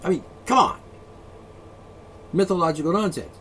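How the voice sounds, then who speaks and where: A man's voice: on the high side, very animated, moderate pace, fairly bright tone, slight background noise. A man vlogging an angry solo rant, profane, sarcastic and mocking.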